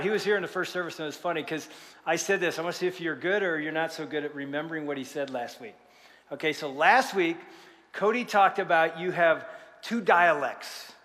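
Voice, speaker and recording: With a fairly high-pitched voice trailing a long reverb tail, a pastor delivers a sermon in a large church. His storytelling is lively, and he jokes with the congregation.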